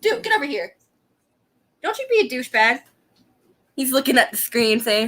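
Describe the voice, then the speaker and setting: Woman, young, profane livestream rant, bright voice that swings all over. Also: sits high, sing-song, normal speed. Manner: angry profane rant with frequent laughs. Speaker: vlogger. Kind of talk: ranting casual livestream. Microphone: laptop webcam.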